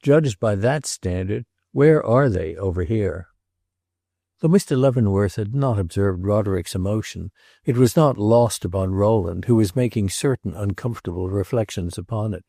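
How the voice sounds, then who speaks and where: A man narrating a classic novel as an audiobook, in a measured, even literary reading. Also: on the low side, vocal fry, dry recording, clean studio sound.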